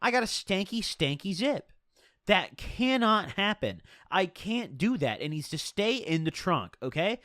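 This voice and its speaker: A man's voice: high voice, big pitch swings, a little slow, fairly bright tone, dry recording, studio quality. A young man telling a rambling, profane storytime tale in slangy, casual talk.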